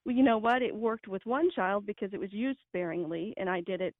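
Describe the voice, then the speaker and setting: A woman's voice: mid-range voice, a little fast, no echo. A woman guest on a radio show, giving parenting advice in an earnest, emphatic way. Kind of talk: radio interview. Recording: tinny phone line.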